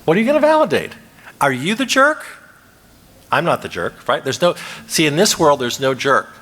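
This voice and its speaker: Animated male lecturer in a reverberant hall. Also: a little high, moderate pace. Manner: animated, asks the audience questions, acts out quoted lines. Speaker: conference speaker. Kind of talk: lively lecture to a live audience. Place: conference hall. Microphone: microphone.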